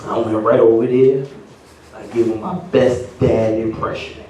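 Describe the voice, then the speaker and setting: A man's voice: medium pitch, measured pace, muffled recording, slight background noise. A middle-aged man performing a stand-up comedy set at a party, telling stories and putting on voices for the people in them. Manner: animated storytelling with voiced quotes. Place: party venue with live audience. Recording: roomy, distant venue recording. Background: audience laughter.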